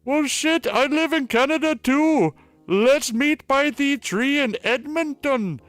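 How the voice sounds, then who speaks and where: A man putting on a squeaky, hyper cartoon Canadian man who bickers in a shrill voice. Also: extremely slow, a bit bright, clean tone, no room sound, soft background music, full character voice. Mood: squabbling.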